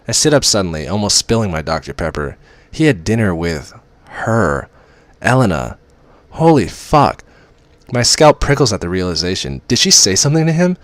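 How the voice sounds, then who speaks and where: A man reading a first-person romance story aloud with animated, dramatic emphasis. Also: deep voice, no echo. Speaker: reader.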